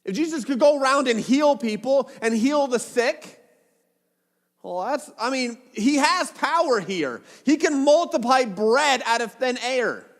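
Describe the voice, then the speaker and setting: A male pastor preaches in a relaxed, joking way, breaking into dramatic retellings. His voice sits high and swings widely. Long reverb from a church hall trails each phrase. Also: measured pace. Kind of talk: sermon.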